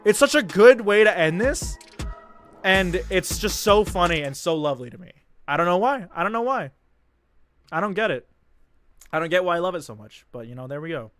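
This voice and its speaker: A man's voice: high-pitched, animated, moderate pace, a bit bright, soft background music. A young man casually reacting on a live stream, rambling and enthusiastic, repeating himself.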